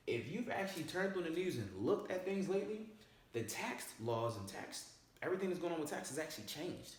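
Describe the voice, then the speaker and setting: A man's voice: on the high side, big pitch swings, brisk. A man presenting a casual money-saving explainer, stressing each point and checking in with "all right?" and "okay?". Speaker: personal finance presenter. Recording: very echoey room.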